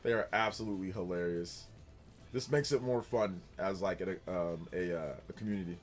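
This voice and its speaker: A young man hosting a casual livestream, chatting loosely and reading viewer comments aloud in a rambling, animated way. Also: deep voice, normal speed, soft background music. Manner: rambling and animated, with filler words and restarts. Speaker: streamer host.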